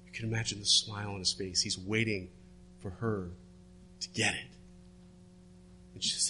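A man preaching a sermon, retelling a story and dropping his voice low and soft for the quoted words. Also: steady tone, normal speed, pauses often, slight background noise. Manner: storytelling, drops to hushed tones for quoted words.

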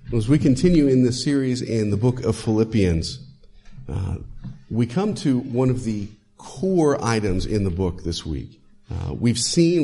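A man's voice: fairly low pitch, dark tone. A male pastor preaching a sermon, emphatic and conversational, with frequent "uh" fillers.

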